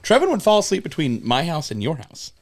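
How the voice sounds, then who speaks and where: Speaking a little fast in a slightly high voice, a young man co-hosts a podcast and recounts road stories in easy chat. He curses freely and animatedly acts out what others said.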